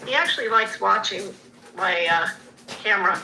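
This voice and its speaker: A woman's voice: medium pitch, moderate pace, music in the background, poor audio. A woman pet owner chatting casually, rambling and restarting her sentences. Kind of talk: casual street chat.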